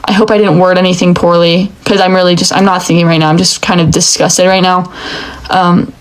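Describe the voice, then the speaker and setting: A woman's voice: on the low side, little pitch movement, a little fast, poor audio. A young woman giving an angry, emotional rant, swearing often. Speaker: commentator. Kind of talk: heated rant.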